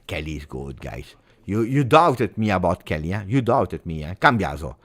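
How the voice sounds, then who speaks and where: Male host, animated live football commentary with a very lively pitch. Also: normal speed. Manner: excitable, swings from muttering to shouting.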